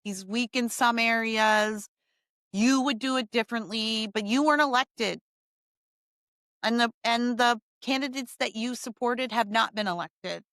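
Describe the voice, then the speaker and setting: A woman's voice: fairly high pitch, a little slow, fairly bright tone, no echo, studio quality. A woman hosting a podcast, giving a blunt, fired-up opinion monologue full of emphatic repetition. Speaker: podcast host.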